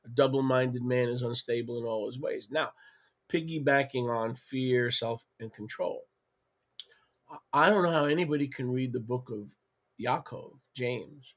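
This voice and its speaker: A man's voice: medium pitch, normal speed. A man co-hosting a religious discussion, affirming his partner and restating his points, sometimes searching for words. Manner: affirming, echoes and sums up the other speaker. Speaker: co-host.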